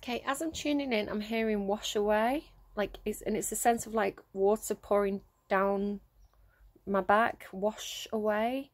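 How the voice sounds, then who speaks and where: A woman's voice: medium pitch, fairly even intonation, moderate pace, no echo. A woman giving a casual tarot reading, talking in a hesitant way with many fillers and restarts. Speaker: tarot reader.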